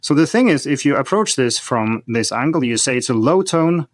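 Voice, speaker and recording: A man's voice: medium pitch, expressive, moderate pace, no room sound, studio quality. A man speaking as a podcast guest, explaining a language-learning topic in a methodical, teacherly way. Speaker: guest expert on learning Chinese. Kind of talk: podcast conversation.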